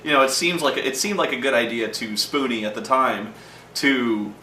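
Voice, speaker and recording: Brief: male storyteller, crisp bright tone, sweary and digressive, mic set back, faint hum. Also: mid-range voice, moderate pace. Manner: rambling, profane, acts out quoted lines. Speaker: host telling gaming stories. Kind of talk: casual storytelling monologue. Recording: roomy echo from a distant mic.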